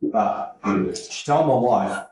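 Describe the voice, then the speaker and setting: A man's voice: medium pitch, slow pace, a little mellow. A man in casual chat, talking bluntly and swearing freely as he tells family stories. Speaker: tattoo client. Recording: echoey room with faint noise.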